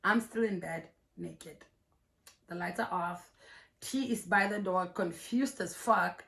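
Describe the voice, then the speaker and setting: A young woman vlogger telling a personal story in an animated, profane, laughing way. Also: on the low side, slow, gravelly. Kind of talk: storytime vlog.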